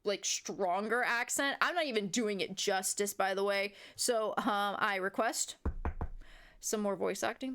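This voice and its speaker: A woman's voice: mid-range voice, measured pace. A young American woman streaming a visual novel, reading its lines aloud and breaking off into chatty, giggly commentary. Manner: chatty, giggly, reads game lines aloud with animated asides. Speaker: gaming streamer.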